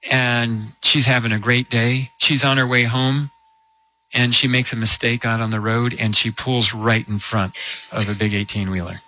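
A man preaching a sermon, telling a story with rhetorical questions and slowing down to stress key words. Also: medium pitch, little pitch movement, pushed and bright, low-quality recording. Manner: storytelling with rhetorical questions and slow emphatic drops.

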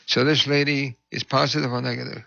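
A man's voice: medium pitch, flat delivery, a little fast, vocal fry, fairly bright tone, dry recording, muffled recording. A man who is a pastor, telling a story in conversation and acting out the voices he quotes.

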